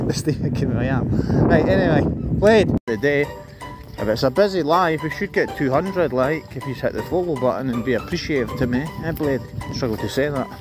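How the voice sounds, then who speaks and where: A Scottish man chatting casually on a live stream while walking his dog outdoors, teasing it and swearing freely. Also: a little high. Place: outdoors on grass in a park.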